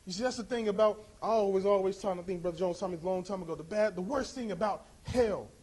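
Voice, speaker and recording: Male preacher, very high voice, impassioned delivery that climbs into shouting. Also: slightly rough. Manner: impassioned, rising to shouts, drawn-out emphasis. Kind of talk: sermon.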